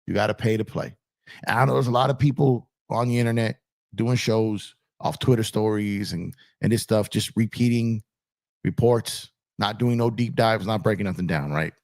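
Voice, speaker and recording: A gravelly, darkish, fairly low male voice rants at a normal pace on an animated basketball talk show. He's emphatic, says things more than once and calls the chat "y'all." Purple lights fill his home studio, and the audio comes through an on-camera streaming setup.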